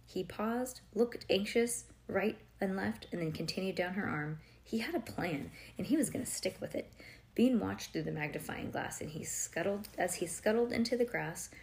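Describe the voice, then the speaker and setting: A woman's voice: mid-range voice, moderate pace, a little mellow. Woman, storybook reader at home; casual, chatty, keeps stopping the story for questions and asides, loose "like" and "um" fillers. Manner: conversational, quizzes the listener, digresses with "like" and "um". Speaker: parent reading a storybook aloud to a child.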